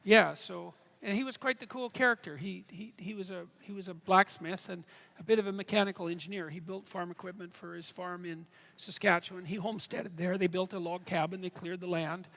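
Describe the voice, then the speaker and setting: Man, live stage Q&A, earnest, halting, long hall reverb. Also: high voice, steady tone, vocal fry, pushed and bright. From Canada. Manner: earnest, halting, many restarts. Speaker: guest speaker.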